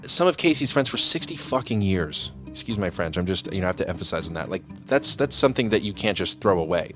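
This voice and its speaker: A man's voice: low-pitched, expressive, fast, over music. A man recalling events in a casual interview, loose and blunt, with a rambling flow. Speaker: interviewee, ex-boyfriend.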